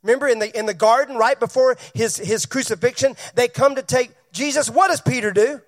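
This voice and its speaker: A man preaches a sermon in church, his voice pitched very high. He asks the congregation questions and calls on people by name as he goes. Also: fairly quick. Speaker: pastor.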